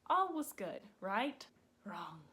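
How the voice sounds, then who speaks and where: A woman's voice: mid-range voice, very animated, slow, pushed and bright. A young woman vlogger telling a story in a casual, chatty way, full of "like", acting out what people said. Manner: chatty, lots of "like", acts out quoted people. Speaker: vlogger, horse owner.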